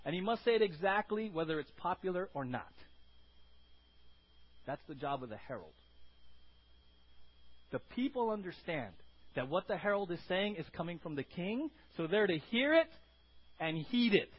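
High, husky-voiced preaching pastor. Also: male voice, normal speed, long pauses, dull audio. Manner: animated preaching, asks the congregation questions. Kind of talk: sermon. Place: church sanctuary.

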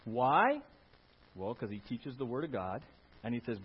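Pastor preaching, lively up and down voice, bit husky, loud bursts, asks the room questions, dull lo-fi sound. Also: male voice, mid-range voice, measured pace, pauses often. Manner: animated, rising to loud emphatic bursts, asks the congregation questions. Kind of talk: sermon. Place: church.

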